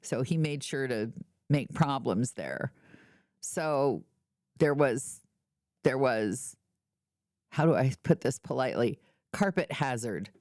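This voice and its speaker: A woman's voice: a bass voice, expressive, takes it slowly, long pauses, a little mellow, no room sound, studio quality. A middle-aged woman hosting a podcast, chatting casually with wry storytelling and playful mock indignation. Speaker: podcast host. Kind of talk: casual chat.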